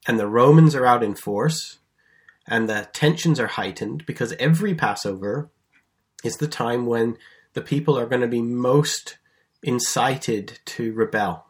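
A man of middle pitch teaches a Bible lesson in an easy, conversational voice. He tells the story in a lively way, leaning hard on key words and now and then restarting a phrase. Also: a little slow. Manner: lively storytelling with emphatic stresses.

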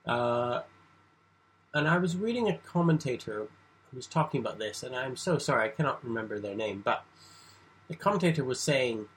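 A man's voice: medium pitch, slightly rough, rough recording. A man giving an informal Bible lecture, talking conversationally with restarts and asides. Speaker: Bible teacher.

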